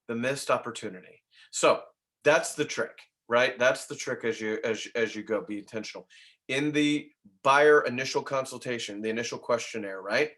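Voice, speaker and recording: A man's voice: mid-range voice, a bit bright. A man leading a real estate training class, talking conversationally and often asking "right?" of the listeners. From Nashville. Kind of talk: training talk to agents.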